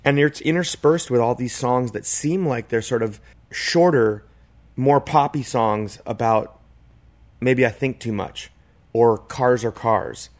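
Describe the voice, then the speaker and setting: A man's voice: mid-range voice, a little slow. A man in casual podcast chat, talking in a reflective, rambling way with many "like" and "you know" fillers. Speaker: podcast co-host.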